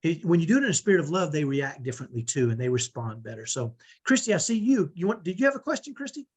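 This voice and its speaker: A man's voice: on the high side, sing-song, fast, husky. A middle-aged man hosting a live online parenting training on a video call, earnest and emphatic, often tagging on "right?". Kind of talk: live webinar talk.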